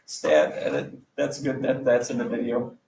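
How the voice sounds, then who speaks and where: A man's voice: medium pitch, lively intonation, normal speed, vocal fry, darkish tone. A male math teacher talking a class through calculator work, chatty and joking, with exasperated asides. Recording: echoey classroom with faint background ambience.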